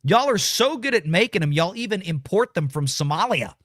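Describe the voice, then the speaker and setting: A man's voice: sits high, very animated, fairly quick, fairly bright tone, no echo, clean studio sound. A man hosts a casual political commentary livestream, blunt and ranting as he reads viewer comments. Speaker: show host reading super chats.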